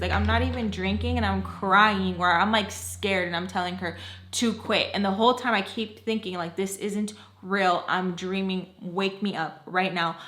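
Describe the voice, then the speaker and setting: A woman's voice: mid-range voice, sharp tone. A woman vlogger telling a dramatic story, rambling and emotional, filling her talk with "like". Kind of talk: storytime vlog. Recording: echoey room.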